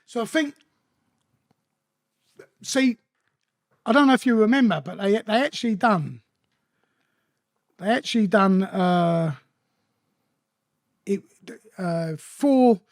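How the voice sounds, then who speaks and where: A man in an interview a high-voiced London man, rambling and profane. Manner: rambling, profane, streetwise anecdotes. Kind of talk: casual storytelling interview.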